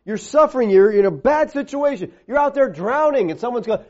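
A man preaching a sermon, emphatic, dropping lower when he reads scripture aloud. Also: expressive, fairly quick, a little mellow. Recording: dull lo-fi recording.

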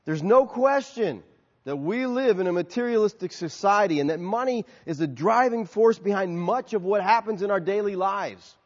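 A pastor delivering a conversational sermon to his congregation, telling stories and sometimes acting out shouted lines. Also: high voice, lively intonation, normal speed. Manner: conversational, storytelling with acted-out shouts. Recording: dull, lo-fi audio with long hall reverb.

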